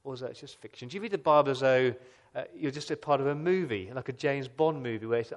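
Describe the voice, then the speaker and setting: A man preaching a sermon as a pastor, earnest, asking the listeners questions and swinging between loud emphasis and soft, quiet lines. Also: mid-range voice, quick pace, few pauses.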